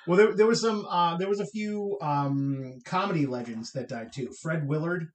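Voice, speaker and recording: A man's voice: a little high, moderate pace. A man co-hosting a casual podcast, chatty, laughing often and rambling with restarts. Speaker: podcast co-host. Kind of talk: casual chat.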